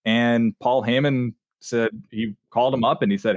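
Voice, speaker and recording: A man co-hosting a podcast, telling stories in a relaxed, chatty way with fillers. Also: medium pitch, moderate pace, no room sound, clean studio sound. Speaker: podcast co-host. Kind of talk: casual chat.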